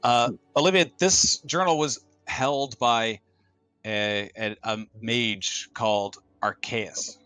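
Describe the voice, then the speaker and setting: A man running a tabletop game as game master, talking in a halting way with many restarts. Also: medium pitch, steady tone, bright, forceful tone, clean tone, no room sound. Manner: halting, full of fillers and restarts.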